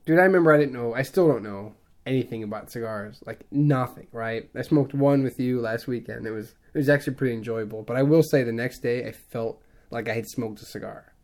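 Animated male podcast co-host. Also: mid-range voice, fairly quick. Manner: animated storyteller, acts out other people's lines. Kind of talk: casual chat.

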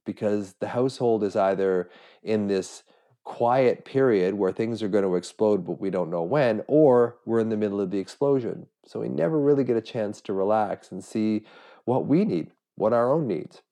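Man, middle-aged, low pitch, earnest self-searching monologue, stops and restarts. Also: moderate pace, dark tone. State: has a cold. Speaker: podcast host. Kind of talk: reflective solo podcast monologue.

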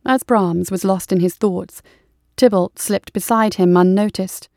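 A woman reading a war story aloud as audiobook narration, in a steady, measured way. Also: mid-range voice, creaky, dry recording, clean studio sound.

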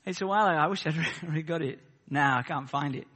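A man preaching a sermon. He swings between loud, fervent peaks and soft, chatty asides. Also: a little high, fast, long reverb tail.

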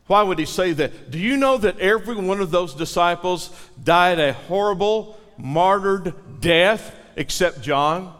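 A man's voice: high voice, lively intonation, a little slow, a bit bright, long reverb tail. A male pastor preaching a sermon with dramatic delivery, asking the congregation to repeat lines after him.

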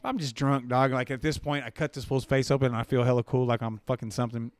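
A man's voice: medium pitch, flat delivery, quick pace, clean tone, no room sound. A man on a podcast telling a rambling, profane story in casual slang. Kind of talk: casual chat. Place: podcast studio.

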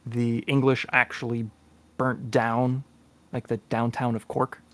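A man's voice: mid-range voice, little pitch movement, unhurried. A man co-hosting a casual podcast chat, hesitant with lots of fillers, often laughing. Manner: hesitant, many ums and uhs, laughs often. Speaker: podcast co-host and player.

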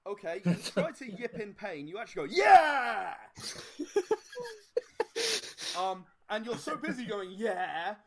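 A man's voice: high-pitched, brisk, hardly any pauses, crowd noise. A man running a tabletop game as game master, narrating with many fillers and restarts. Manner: hesitant, filler-heavy, with sudden animated outbursts.

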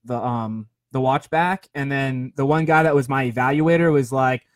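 A man's voice: medium pitch, moderate pace, no room sound, clean studio sound. A man in his twenties telling a rambling, self-deprecating story in casual chat, with lots of fillers and restarts. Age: 20s. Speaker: podcast host.

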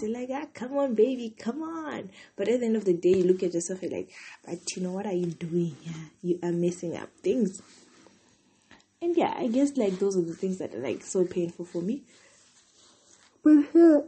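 A woman's voice: fairly low pitch, brisk, dark tone, slight background noise. A young woman hosting a casual solo podcast. She sounds tired and chatty, rambling with lots of "like" between thoughts. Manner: chatty, rambling, heavy use of "like". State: tired, yawning. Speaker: podcast host.

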